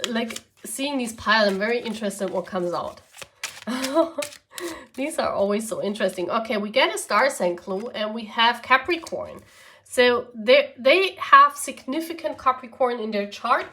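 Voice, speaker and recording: A woman's voice: fairly high pitch, a bit bright, slight background noise. German-accented woman reading tarot. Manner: chatty, often adds "okay?" and "yeah?". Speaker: tarot reader. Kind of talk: pick-a-card tarot reading.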